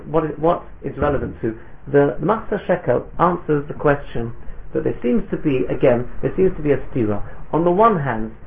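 A man's voice: on the high side, vocal fry. A man teaching a Talmudic lecture, reading passages in Hebrew and Aramaic, explaining them in English, and checking in with the class. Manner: explains texts in Hebrew and Aramaic, then translates; asks the class "Yes?". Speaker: Torah teacher. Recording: tinny phone-line sound.

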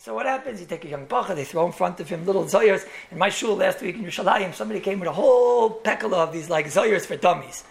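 Gravelly-voiced rabbi teaching a lecture. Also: male voice, sits high, expressive, fast, few pauses. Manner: storytelling with repeated words and chuckling asides. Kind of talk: Torah lecture in English laced with Yiddish and Hebrew terms.

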